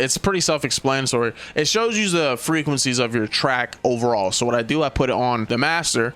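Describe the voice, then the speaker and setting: A man's voice: mid-range voice, a bit bright. A young man giving a casual music production tutorial, talking in loose slang, swearing freely and laughing at himself. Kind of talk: casual beat-making tutorial. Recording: faint beat playing behind.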